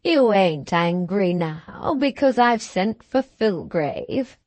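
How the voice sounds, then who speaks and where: A woman voicing a petulant, bedridden old man with a loud, blustering way of talking. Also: mid-range voice, very animated, slow pace, dry recording.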